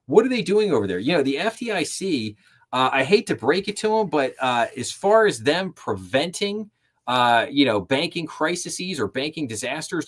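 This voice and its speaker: A man hosting a live finance stream, reading news items aloud and breaking off into skeptical, sarcastic asides. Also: mid-range voice. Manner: sarcastic, skeptical asides between read-out passages. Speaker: host.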